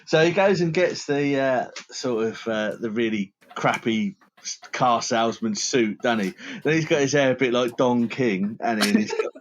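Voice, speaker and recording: A man's voice: medium pitch, normal speed, highs cut off, slight background noise. A man co-hosting a podcast, casually retelling comedy scenes and laughing. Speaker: podcast co-host. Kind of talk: casual chat.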